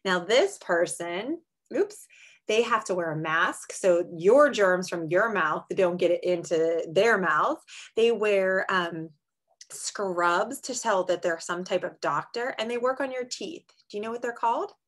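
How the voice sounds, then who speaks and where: A woman teaching a small group of young children online, speaking in a slow, exaggerated, encouraging way and clapping out syllables. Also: medium pitch, animated. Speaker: kindergarten teacher.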